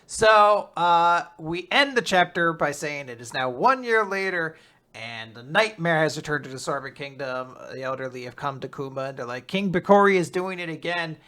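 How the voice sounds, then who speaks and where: A man with a fairly high, bright, forward voice chats casually as a podcast host. He acts out the characters' quotes with big leaps in pitch and laughs easily throughout. His delivery is loose and playful. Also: moderate pace. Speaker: podcast host recapping manga. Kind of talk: casual recap chat.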